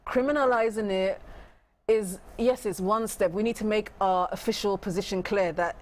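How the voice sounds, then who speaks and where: A woman's voice: medium pitch, fairly even intonation, normal speed, a little mellow. A woman guest on a broadcast talk show, explaining earnestly and often restarting her sentences. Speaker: studio guest.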